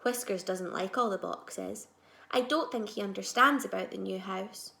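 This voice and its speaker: A woman teacher reading a children's storybook aloud, expressive, moving between soft asides and loud moments. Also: mid-range voice, moderate pace, gravelly, roomy sound.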